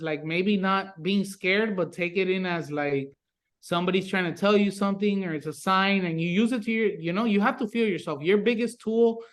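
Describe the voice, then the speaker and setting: A man from South Florida, a paranormal investigator guest, telling stories in casual podcast chat, swearing freely and acting out reactions. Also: high voice. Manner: animated storyteller, swears freely, acts out reactions.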